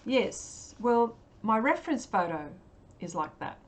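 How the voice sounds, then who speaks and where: A woman's voice: a little high, sing-song, a little slow. An Australian woman chatting casually on a livestream as she paints, answering viewers with many ums and frequent laughs. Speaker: livestream artist.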